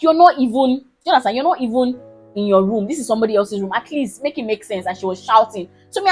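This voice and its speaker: Husky young Nigerian woman telling a story. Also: on the high side, poor audio. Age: 20s. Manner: animated, emphatic, keeps asking listeners if they understand. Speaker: vlogger. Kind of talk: casual storytelling.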